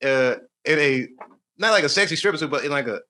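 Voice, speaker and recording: A man's voice: on the high side, animated, quick pace, sharp tone. A man doing live stand-up, telling a rambling story, laughing at his own jokes and bantering with the crowd. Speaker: stand-up comedian. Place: stage in a comedy club. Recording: live stage recording with noisy audience. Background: audience laughter.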